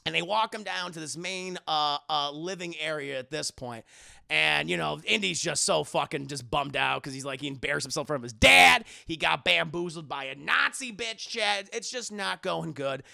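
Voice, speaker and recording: A man's voice: a little high, lively intonation, normal speed, creaky, pushed and bright. A man casually and profanely recapping a movie for his live chat, talking to the viewers directly.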